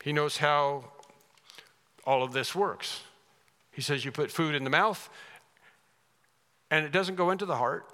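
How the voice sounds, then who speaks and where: A man's voice: fairly high pitch, unhurried, pauses often, bright, forceful tone, long reverb tail. A man preaching a sermon as pastor, emphatic and repeating key words for stress. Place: church sanctuary.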